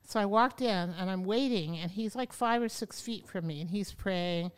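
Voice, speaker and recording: A woman guest on a podcast, telling a personal story in a lively, conversational way and acting out her own past words. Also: mid-range voice, normal speed, smooth. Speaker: yoga teacher, podcast guest. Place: podcast studio.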